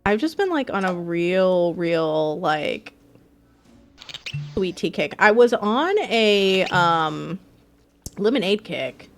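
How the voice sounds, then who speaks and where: A woman streaming a game live, chatting in a bubbly, excitable way with her viewers. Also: lowish voice, slow, long pauses, faint music behind. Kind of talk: casual live-stream chat.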